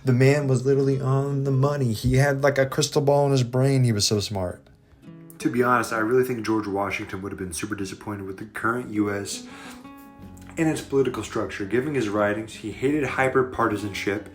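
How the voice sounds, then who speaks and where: A man's voice: mid-range voice, fairly even intonation, fairly quick, soft background music. A man hosting a history video in casual, irreverent commentary with jokey digressions.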